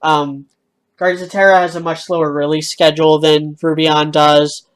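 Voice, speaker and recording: A man's voice: on the high side, level tone, moderate pace, clear, resonant tone. A man hosting a casual fan podcast, talking with lots of hesitant fillers. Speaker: podcast host.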